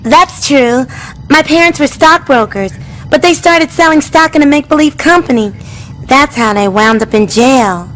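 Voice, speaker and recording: An actress voicing a polite, well-spoken young homeless girl in an animated sitcom. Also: sits high, moderate pace, soft background music, poor audio. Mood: gentle.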